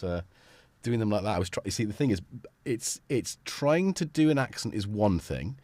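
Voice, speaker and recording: Brief: deep-voiced man hosting a relaxed home-studio livestream, rambling and animated, dry close sound. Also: no room sound. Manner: rambling, chatty, full of restarts and laughs. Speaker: livestream host. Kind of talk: casual livestream chat.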